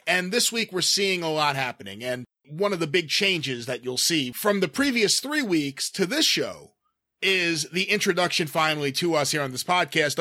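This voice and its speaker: A man's voice: fairly high pitch, no room sound, clean studio sound. A man from the northeastern US co-hosting a podcast in casual, enthusiastic chat. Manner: enthusiastic, animated. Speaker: podcast co-host.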